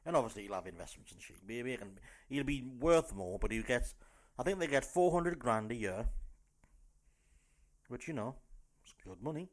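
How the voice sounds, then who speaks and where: A man with a North East English accent hosting a loud, sweary, rambling news rant podcast. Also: medium pitch, animated, normal speed. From North East England. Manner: loud, sweary, rambling, jumps into silly put-on voices. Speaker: podcast host.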